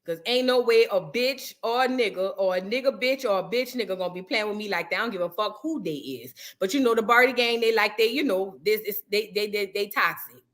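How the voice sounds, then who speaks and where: A woman from New Orleans with a New Orleans accent, hosting a reaction show in animated, chatty and profane talk with her viewers. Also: mid-range voice, a little fast, few pauses. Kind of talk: casual reaction chat.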